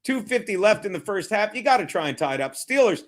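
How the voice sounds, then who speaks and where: Brief: brash, profane male streamer, high voice, rambling play calls and chat banter. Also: very animated, fast talker, a little hiss or hum. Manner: profane, rambling, mutters while fiddling with browser; brash and mocking. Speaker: streamer hosting a betting watchalong. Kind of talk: live-stream commentary and chat.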